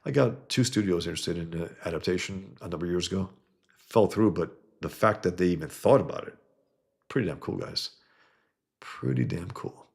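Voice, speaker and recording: A man hosts a casual livestream and talks to his viewers with plenty of enthusiasm. His voice is very low, with a gravelly edge. He often stops and repeats words as he speaks. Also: a little fast, a little mellow. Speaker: comic creator hosting a livestream.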